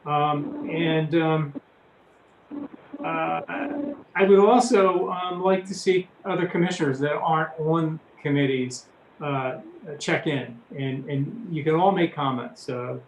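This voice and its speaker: A man chairing a public meeting, speaking haltingly with many fillers. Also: a little high, reverberant, slight background noise, rough recording. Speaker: commission chairman.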